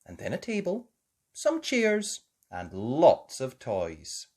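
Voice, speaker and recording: Slow, animated woman reading a storybook. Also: very deep voice, breathy edge. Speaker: children's story reader. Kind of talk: storybook read-aloud.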